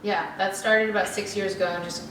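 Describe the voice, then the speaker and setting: A woman's voice: medium pitch, fairly even intonation, a little fast. A young woman from Oklahoma, a patient, answering questions in a hesitant way with many ums. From Oklahoma, USA. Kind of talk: casual interview. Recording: roomy, distant mic, audible noise.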